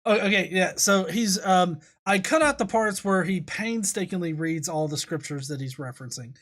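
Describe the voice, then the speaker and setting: A woman's voice: on the low side, moderate pace, a bit bright. A woman giving casual live-stream commentary on a video, sarcastic and profane, laughing often.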